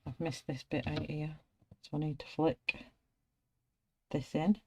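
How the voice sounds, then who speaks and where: Slight background noise sits under a low, dark, steady voice that never hurries. It belongs to a middle-aged British colouring artist who chats in a friendly way and narrates her own work as she colours.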